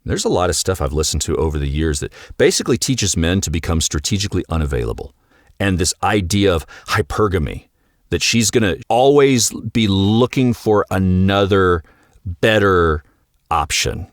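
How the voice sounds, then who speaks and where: A man's voice: low voice, big pitch swings, normal speed, no echo, studio quality. A man hosting a solo podcast, talking directly and coaching his listeners, often acting out bits of dialogue. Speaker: podcast host and marriage coach.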